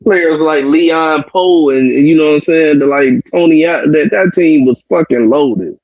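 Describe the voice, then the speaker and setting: A man with a slightly high voice in a casual sports discussion, heard through dull, lo-fi audio. He is blunt and swears freely. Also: measured pace, crowd noise. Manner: blunt, profane. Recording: dull lo-fi sound.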